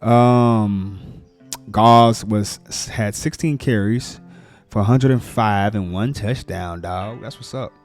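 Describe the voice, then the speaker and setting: A man's voice: on the low side, takes it slowly, soft background music. A man giving a casual, slangy recap of college football scores, hyping players and teams. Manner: slangy, excited hype talk. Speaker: sports vlogger.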